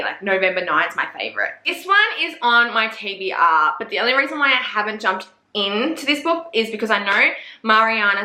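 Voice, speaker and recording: Bright, chatty Australian woman. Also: medium pitch, echoey room. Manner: profane, gossipy and animated, acting out her own reactions. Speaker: book reviewer. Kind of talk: casual book chat to camera.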